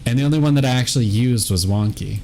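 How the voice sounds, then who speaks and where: A man's voice: medium pitch, fast, mellow, slight background noise. A man from the United States chatting casually while gaming, hesitant and laid-back, with frequent ums and restarts.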